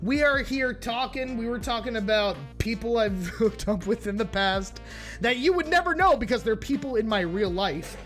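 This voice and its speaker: A man's voice: extremely high pitch, moderate pace, fairly bright tone, faint music behind. A man streaming live, chatting casually and playfully with his audience while reacting to videos. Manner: chatty, playful, talks straight to his chat.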